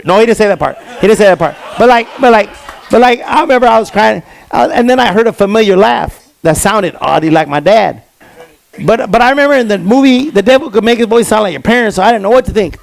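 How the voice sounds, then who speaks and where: A man doing a stand-up comedy set on stage, telling stories with lively quoted voices. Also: high-pitched, quick pace, vocal fry. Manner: animated storytelling with quoted voices. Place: comedy stage before a live audience.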